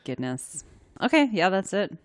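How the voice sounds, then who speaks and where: Female podcast co-host, lower pitch with animated intonation, playful and quick to laugh. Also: no echo, studio quality. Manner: laughs often, lively and teasing. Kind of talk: casual chat.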